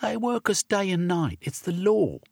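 A man puts on a small runaway orphan boy in a storybook reading, his voice pitched up high and pleading, with a husky edge. The lad talks in earnest, ungrammatical street slang, lifting and dropping his tone a lot. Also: big pitch swings, normal speed, darkish tone, dry recording, studio quality, exaggerated voice. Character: boy, young runaway orphan, cockney-tongued.

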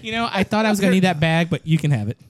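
A man's voice: high voice, expressive, rapid-fire, noisy background. A man co-hosting a casual podcast, bantering nervously with frequent giggles. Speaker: podcast co-host. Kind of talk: casual chat.

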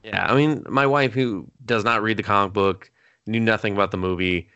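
Young guy riffing casually, bright tone, swears a lot, dead dry room. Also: lowish voice, smooth, no room sound, muffled recording. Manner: loose, profane, quick asides. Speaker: podcast co-host. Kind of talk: casual chat.

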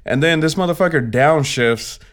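Profane, animated man telling a story. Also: a little high, moderate pace. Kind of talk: casual chat.

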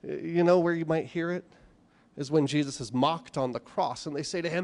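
A man preaching a sermon, animated, asking rhetorical questions and acting out the voices of the people he quotes. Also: sits high, brisk. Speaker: pastor.

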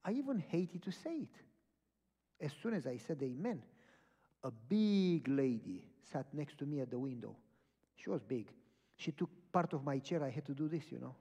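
Animated preacher man telling a story. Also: on the high side, moderate pace, breathy edge. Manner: animated, acts out dialogue in stories. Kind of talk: storytelling sermon. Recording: echoey hall from far off.

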